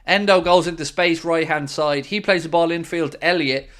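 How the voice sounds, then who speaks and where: An Irish man hosting a live football watchalong, reacting excitedly and calling the play as it happens. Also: fairly high pitch, normal speed. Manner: excitable, jumps into play-by-play shouts. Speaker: watchalong host. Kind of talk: live match reaction commentary.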